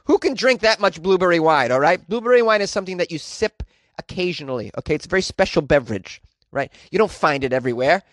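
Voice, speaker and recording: An energetic American man riffs on odd news stories with quick wisecracks and frequent laughter. His voice sits a little high for a man. The sound is close and dry, with no room around it. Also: dry recording. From United States. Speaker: podcast host. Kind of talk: comic news commentary.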